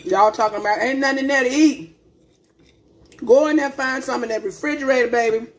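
A woman's voice: on the high side, fast talker. A middle-aged woman vlogging casually to camera, folksy and chatty, calling viewers baby and humming as she tastes her food. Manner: tastes food while talking, hums with mouth full. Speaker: cooking vlogger.

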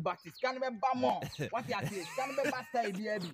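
A Ghanaian man with a strikingly high-pitched voice works the street as a comic interviewer. He talks loudly and needles his guest with teasing questions. A faint hiss sits under the voice. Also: quick pace, few pauses. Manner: loud, teasing, goading. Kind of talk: comic street vox pop. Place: outdoors on a street.

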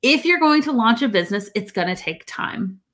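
A woman's voice: on the high side, lively intonation, brisk, a bit bright. A woman business coach teaching in a casual, upbeat livestream, full of fillers and "right?" check-ins. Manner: upbeat, chatty, many "right?" tags and fillers.

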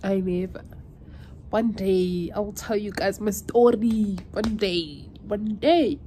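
A woman's voice: mid-range voice, slow pace, mellow, slight background noise. A South African woman in her twenties chatting casually in a vlog, emotional and switching languages mid-sentence. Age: 20s. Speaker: vlogger.

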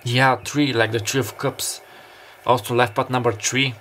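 Guy doing a tarot reading, halting and musing, soft beach sounds in the back. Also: mid-range voice, level tone, slight background noise. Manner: musing, halting, many fillers and restarts. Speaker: tarot reader. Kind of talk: pick-a-card tarot reading. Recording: faint beach ambience behind. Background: summer beach ambience sounds.

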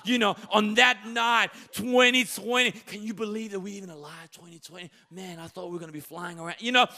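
A male pastor preaching a lively, conversational sermon full of rhetorical questions. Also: high-pitched. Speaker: lead pastor.

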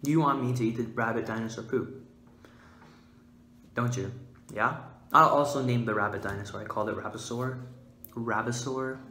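A man hosting a mock-scientific comedic vlog, playful and goofy, giggling and breaking into sudden loud, high outbursts. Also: moderate pace, pauses often. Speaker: vlogger. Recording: roomy echo, faint background hiss.

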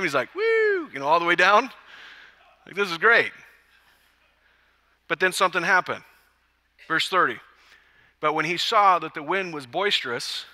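Bright-voiced male pastor preaching. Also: high voice, long reverb tail. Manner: lively, joking storyteller who acts out quotes. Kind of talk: sermon. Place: church service.

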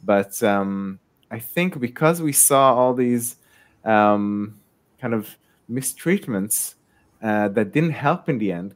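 A man from Israel with an Israeli accent, speaking as a panelist in a live discussion over a video call, halting, with many fillers and restarts. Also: on the low side. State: sleepy, late at night. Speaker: researcher panelist.

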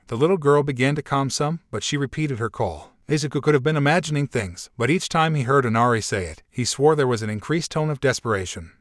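A man narrating fan fiction in a steady, even reading voice. He sits at an ordinary middle pitch. The sound is close and dry. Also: no room sound.

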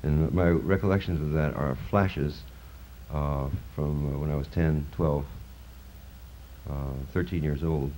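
Low, mellow older poet reading aloud. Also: male voice, steady tone, low-quality recording. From New Jersey. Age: 50s. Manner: chanting, rising incantatory delivery in poems, halting with fillers between. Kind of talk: poetry reading with spoken introductions. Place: college lecture hall. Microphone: film recording from the stage. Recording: film transfer with faint hiss.

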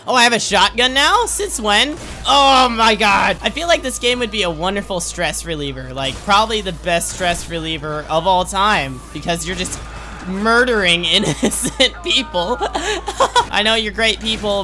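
Bright-voiced teen gamer, jokey. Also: male voice, high voice, slight background noise. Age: late teens. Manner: jokey, rambling, gasps and laughs while playing. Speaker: gaming YouTuber. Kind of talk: let's play commentary.

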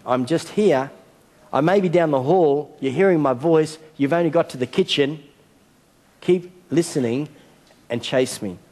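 A man's voice: medium pitch, warm tone. A middle-aged man preaching a sermon as a senior pastor, telling a story and acting out a game. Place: large church hall. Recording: long church hall reverb.

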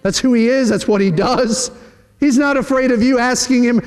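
Male pastor, high voice, preaching in a reverberant church hall. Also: normal speed. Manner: emphatic, rhetorical questions, mock quotes of worried people. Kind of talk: sermon. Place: church sanctuary.

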